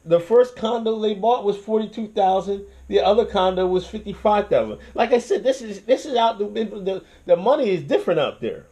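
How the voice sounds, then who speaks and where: High-pitched and speaking at a moderate pace with hardly any pauses, a young channel host rants casually. He swears heavily, restarts often, and laughs through the animated tirade.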